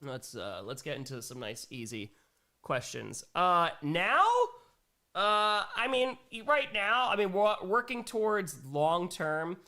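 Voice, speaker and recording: A man in his thirties hosting a casual live-stream Q&A, chatting in a relaxed way with lots of fillers. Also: high voice, slow pace. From United States. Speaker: streamer host.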